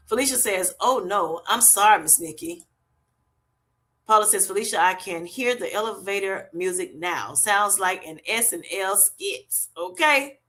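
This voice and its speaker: Bright-voiced woman hosting a live chat. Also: medium pitch. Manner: laughs often, calls viewers honey and baby, reads comments aloud. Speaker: livestream host reading chat.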